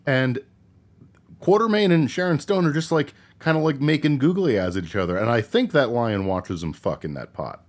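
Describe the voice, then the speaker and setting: A man's voice: medium pitch, sing-song, normal speed. A man co-hosting a casual podcast, recapping a movie with wry, profane commentary. His voice moves animatedly up and down. He lands his jokes dryly. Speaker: podcast co-host.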